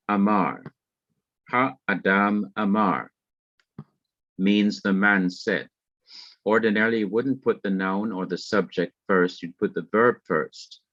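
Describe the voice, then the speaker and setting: A man's voice: fairly low pitch, no echo. A man with a Jamaican accent teaching a beginner Hebrew class, explaining words and grammar step by step in a methodical way. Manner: slow, methodical, spells out terms. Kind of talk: classroom lecture. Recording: dull lo-fi, dry close sound.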